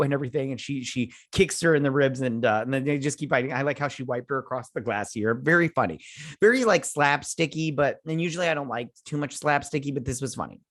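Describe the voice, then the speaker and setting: A man hosting a casual TV review, rambling through a recap with lots of fillers and flat quoted lines. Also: medium pitch, quick pace, no echo, clean studio sound. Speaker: show host reviewing a TV episode.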